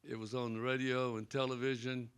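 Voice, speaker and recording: This older Presbyterian pastor speaks with a Southern accent in a mid-range voice that barely moves in pitch, brisk and a bit bright, clear and resonant. He's at a library panel in an event room, telling folksy anecdotes and acting out the quotes.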